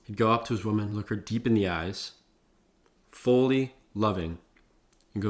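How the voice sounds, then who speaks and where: A young man talks straight to camera, giving advice in a loose, profane vlog style. He leans on "like" and "bro" as he talks. His voice sits a little low. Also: moderate pace, long pauses. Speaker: vlogger. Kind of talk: casual talking-head advice.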